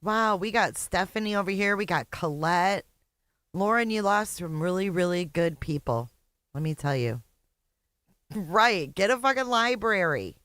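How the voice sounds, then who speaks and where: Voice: medium pitch, animated, a little slow, fairly bright tone, smooth, no room sound. A host reacting to clips with profane, sarcastic, laughing commentary.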